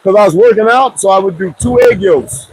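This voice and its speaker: High-voiced rambling man vlogging. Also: fairly quick, darkish tone, slightly rough, no echo, rough recording. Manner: loose, rambling, joking asides. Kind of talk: casual rambling chat to viewers.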